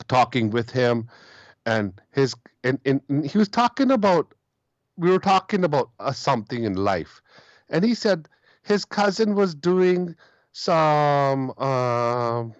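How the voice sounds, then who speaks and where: A man's voice: mid-range voice, no echo, highs cut off. A man calling in to a talk show, telling a long story and repeating his words as he goes. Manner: rambling, repeats himself, quotes others. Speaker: caller.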